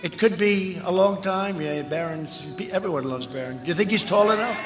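A man delivers a rambling rally speech in a fairly high voice, with mocking asides and the odd shouted line. The sound is dull and lo-fi, with a long reverb over it. Music plays clearly behind him. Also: moderate pace. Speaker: political candidate speaking at a rally. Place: large rally venue.

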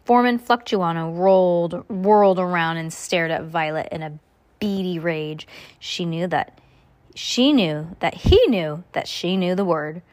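A woman's voice: fairly low pitch, a little mellow. A woman reading a novel aloud, stumbling and restarting often. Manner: halting, with many restarts. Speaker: reader.

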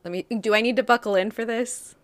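A woman co-hosting a podcast in casual chat, expressive and exclamatory, laughing often. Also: fairly high pitch, quick pace, dry recording. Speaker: podcast co-host.

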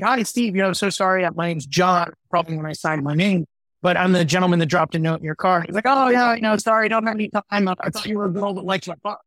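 A man in his forties, a guest entrepreneur telling his story in an interview, animated and acting out the voices of people he quotes. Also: on the high side, dry recording.

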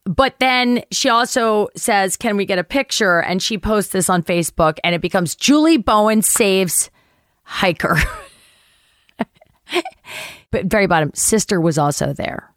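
Animated woman telling a story in a dry recording. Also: medium pitch, measured pace, no room sound. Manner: animated, acts out quoted voices, swears casually. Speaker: guest actress. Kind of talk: storytelling interview chat.

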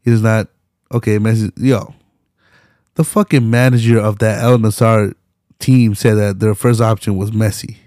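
A man's voice: fairly low pitch, fairly even intonation, unhurried, darkish tone, no echo, studio quality. A young man hosting his own podcast, ranting casually with lots of slang, profanity and laughter. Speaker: podcast host. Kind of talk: casual solo podcast rant.

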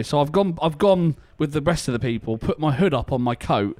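A man's voice: fairly high pitch, a little fast, a little mellow, dry recording. Chatty man hosting, dry sound. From Portsmouth, England. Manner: rambling, jokey storyteller with fillers. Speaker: podcast host. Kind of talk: casual banter.

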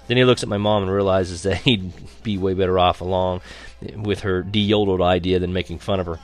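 A man reading a first-person story aloud as narrator, lively and wry. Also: low-pitched, brisk. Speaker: audiobook narrator.

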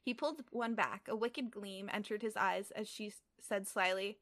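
Bright-voiced young woman reading aloud. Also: medium pitch, normal speed, few pauses. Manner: stumbling, self-correcting, filler-heavy. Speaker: reader. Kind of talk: casual read-aloud of fan fiction.

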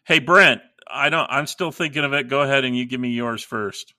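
A man's voice: mid-range voice, brisk, bright, forceful tone, no room sound, clean studio sound. A man co-hosting a podcast in casual chat, hesitant and laughing, with lots of fillers. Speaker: podcast co-host.

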